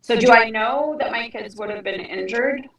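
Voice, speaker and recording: A middle-aged woman, a podcast guest, telling a personal story in a lively, frank way and acting out the dialogue. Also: a little high, normal speed, reverberant, recorded from a distance, poor audio. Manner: animated, acts out dialogue with frank language. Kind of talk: conversational storytelling.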